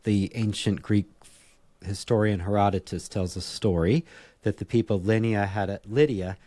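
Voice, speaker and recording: A man's voice: lowish voice, moderate pace, warm tone, dry recording. A man co-hosting a podcast, chatting casually and playfully with jokes and restarts. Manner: playful, jokey, trails off and restarts. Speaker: podcast co-host. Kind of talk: casual chat.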